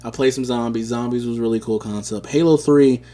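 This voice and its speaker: A man co-hosting a podcast, telling stories in a casual, animated, slangy way. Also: mid-range voice, brisk. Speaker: podcast co-host. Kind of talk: casual chat.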